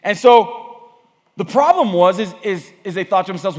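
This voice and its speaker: Man preaching to youth, energetic, conversational, slightly high voice, long hall reverb. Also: normal speed. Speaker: camp speaker. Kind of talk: youth camp sermon. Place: camp meeting hall. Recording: echoey hall.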